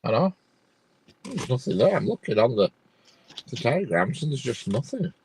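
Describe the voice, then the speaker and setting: A man's voice: mid-range voice, very animated, normal speed, vocal fry, darkish tone, a little hiss or hum, rough recording. A man, chatting casually on a live stream with many restarts, sounding bemused as he checks train diagrams. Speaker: co-host watching live train feeds.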